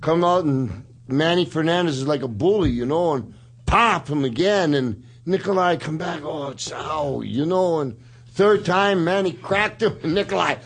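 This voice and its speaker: A man's voice: a little high, normal speed. A man hosting a casual talk show, telling stories and acting out quoted people in a raised voice. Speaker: podcast host. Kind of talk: casual storytelling chat.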